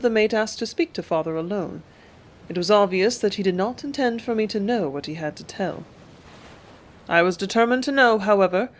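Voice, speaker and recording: A steady audiobook narrator with an even, measured way of telling the story. The voice sits at a middle pitch and keeps a calm, unhurried reading pace.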